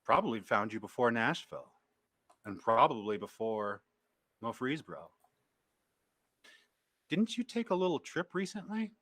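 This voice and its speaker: A man runs a tabletop game, speaking in character for the table. His voice sits at an ordinary pitch, and his delivery is playful, with plenty of stammered restarts. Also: big pitch swings, moderate pace, pauses often, fairly bright tone. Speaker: game master.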